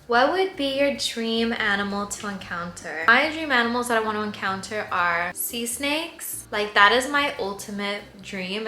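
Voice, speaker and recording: A woman's voice: medium pitch, bright, forceful tone. A young woman in her twenties chatting casually to camera in a Q&A vlog, saying "like" a lot. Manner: chatty, tearful at times, lots of "like". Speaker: vlogger. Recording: echoey room, faint cricket noise. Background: faint crickets.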